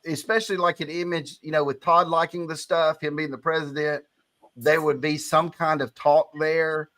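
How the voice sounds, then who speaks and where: A man from Alabama talks in a thick Southern twang, his voice sitting a touch higher than most men's. He speaks frankly and plainly in a casual podcast chat, owning his accent without fuss. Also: little pitch movement, moderate pace, fairly bright tone, no echo. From Alabama, USA. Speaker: comic book creator, podcast co-host.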